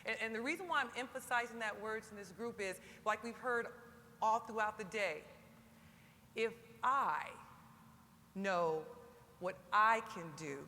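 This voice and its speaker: A woman's voice: on the high side, unhurried, pauses often. Emphatic woman on a stage, exhorting. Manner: emphatic, rises into animated exhortation. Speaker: senior enlisted panelist. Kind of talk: motivational panel talk. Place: large conference hall. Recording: long hall reverb with faint crowd noise.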